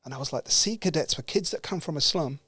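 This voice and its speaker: A man from the UK telling a story with lively energy, acting out the dialogue and laughing as he goes. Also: a little high, fast talker, breathy edge, no room sound. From United Kingdom. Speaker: guest speaker. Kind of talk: animated storytelling.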